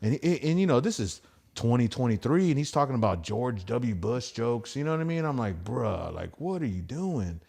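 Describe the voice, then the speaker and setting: A man's voice: medium pitch, sing-song, moderate pace, gravelly, darkish tone, husky. A man who does stand-up, a podcast guest telling stories in a rambling, profane way and acting out the voices of people he quotes. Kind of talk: casual podcast storytelling.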